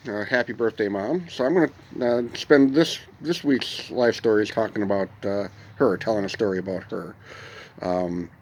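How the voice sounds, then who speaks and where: A middle-aged man hosting a podcast, telling a personal story in a casual, meandering way with frequent pauses. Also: on the low side. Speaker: podcast host.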